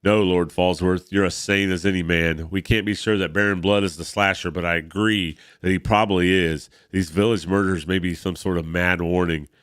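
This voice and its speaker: A man reading as a steady, earnest soldier hero. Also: deep voice, moderate pace, hardly any pauses, clear, resonant tone, no room sound, studio quality. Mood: resolute. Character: heroic middle-aged American soldier, steady, earnest. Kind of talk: reading a comic aloud.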